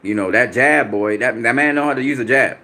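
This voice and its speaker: A man's voice: mid-range voice, brisk, pushed and bright. A man hosting a boxing channel, answering viewer comments on a live stream in a combative, profane way, repeating himself for emphasis.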